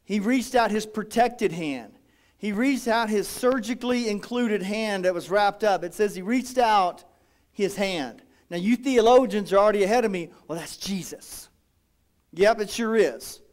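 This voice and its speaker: A pastor preaches with a high, light voice for a man. He speaks in an animated, dramatic style and often acts out the voices of his congregation. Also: moderate pace. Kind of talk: sermon.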